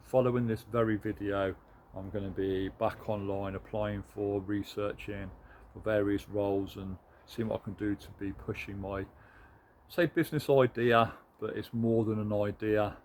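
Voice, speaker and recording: A British man speaks in a somewhat low voice, talking earnestly and reflectively as he encourages his viewers. It is a candid motivational monologue, with a faint hum of ambience behind him. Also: fairly even intonation, moderate pace, darkish tone. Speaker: motivational vlogger.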